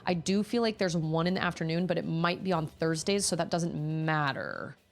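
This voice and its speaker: A woman in her thirties hosts a casual stream chat, her voice low and full of gravelly fry. She rambles warmly from one thought to the next, restarting sentences often. Faint game music plays underneath. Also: moderate pace. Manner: rambling, chatty, with frequent restarts and laughter.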